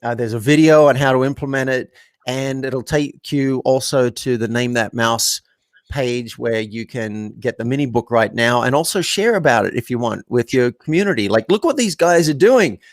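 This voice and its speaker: A man on an interview, reflective and story-driven, slipping into quoted exchanges as he explains his ideas. His voice sits in an ordinary middle pitch. It is recorded close and dry, with no room sound. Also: normal speed, no room sound. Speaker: guest, coach. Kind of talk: conversational interview.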